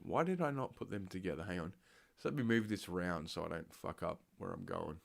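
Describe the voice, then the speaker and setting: A man's voice: deep voice, lively intonation, brisk, vocal fry, dry recording. An Australian man hosting a streaming show, ranting sarcastically through news stories with a blocked, sniffly nose and plenty of swearing. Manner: profane, sarcastic, rambling. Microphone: desk microphone.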